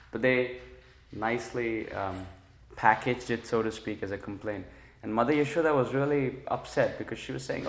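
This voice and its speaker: Man retelling holy stories to a class, mid pitch, roomy echoey sound. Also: moderate pace, vocal fry. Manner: explains warmly, retells stories with lively quotes. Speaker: spiritual teacher. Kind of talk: religious storytelling class. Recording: echoey room.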